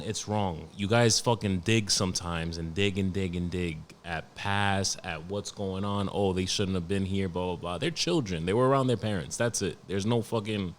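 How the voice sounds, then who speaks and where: A man in his late twenties hosting a podcast alone, talking in a profane, rambling, animated way. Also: on the low side. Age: 20s. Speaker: podcast host. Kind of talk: casual solo podcast rant.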